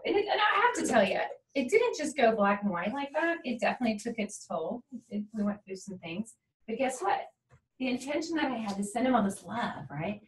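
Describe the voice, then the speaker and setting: A woman hosting a talk show, telling a candid and emotional personal story and often checking in with "right?". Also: on the high side. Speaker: podcast host. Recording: echoey room, mic at a distance, faint noise.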